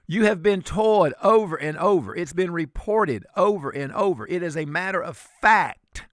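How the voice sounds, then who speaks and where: A man's voice: high-pitched, animated, normal speed, no echo, clean studio sound. A man, filling in as a talk radio host and delivering fiery, indignant commentary.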